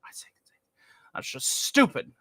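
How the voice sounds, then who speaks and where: A man's voice: a little slow, sharp tone, no room sound, in a whisper. A man doing an impression of a pompous, irritable older actor, reading ad copy with haughty, sweeping emphasis in a comic dramatic reading. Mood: scornful.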